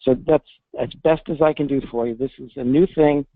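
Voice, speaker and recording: A man who is a veterinarian tells a patient's story in an interview, earnest and halting with restarts, choked up with emotion, talking from a public space. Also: mid-range voice, fairly even intonation, dry recording. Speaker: veterinarian guest. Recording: dry tinny phone-like line.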